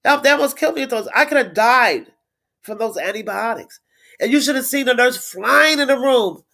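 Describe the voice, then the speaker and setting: A woman's voice: a little high, lively intonation, fairly quick, pushed and bright. A middle-aged woman hosting a casual livestream. She is blunt and indignant, swears freely, repeats herself for emphasis and greets viewers by reading their comments. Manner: repeats words, reads viewer comments aloud. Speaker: livestream host. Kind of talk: casual live-stream chat.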